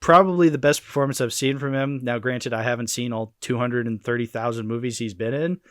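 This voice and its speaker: A man's voice: medium pitch, steady tone, fairly quick, no room sound. Man, podcast host, casual movie chat, swears a lot, laughs easily, dry close sound. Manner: loose and profane, laughs often, playful rants.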